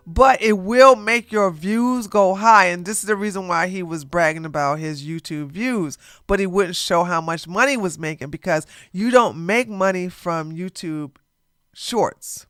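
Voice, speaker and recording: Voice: medium pitch, fairly bright tone, clear, resonant tone, dry recording. A YouTube drama commentator giving blunt, repetitive ranting reaction commentary into a close mic.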